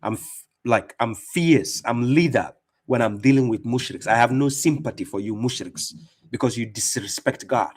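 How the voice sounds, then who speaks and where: A man's voice: mid-range voice, normal speed. A man giving fierce, mocking religious commentary as an Islamic debater and streamer, speaking with heavy emphasis.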